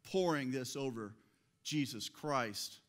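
A man's voice: mid-range voice, slow pace, close to an everyday voice. A man voicing indignant, self-righteous male disciples who scold a woman in exasperated, scornful tones.

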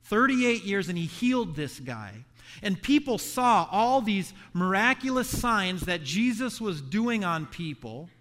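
A man preaching a sermon as a pastor, animated and voicing the characters in the story. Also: sits high, a little slow. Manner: animated preaching, acts out the sons' voices. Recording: echoey hall reverb.

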